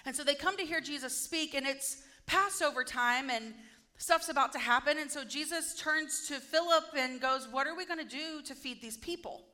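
High, bright-voiced woman preaching. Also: normal speed. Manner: lively storytelling, acting out quoted lines. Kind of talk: sermon.

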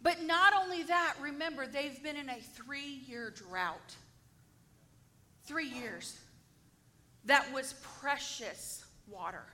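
A woman's voice: sits high, slow pace. A woman teaching a Bible story to a group, acting it out dramatically and asking her listeners questions. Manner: animated, acts out the story and asks the audience questions.

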